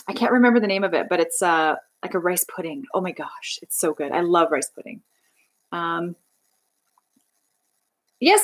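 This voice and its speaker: A woman's voice: mid-range voice, rough recording. A young woman from Canada chatting casually on a livestream, bubbly and rambling as she reads out viewer comments. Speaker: livestream host.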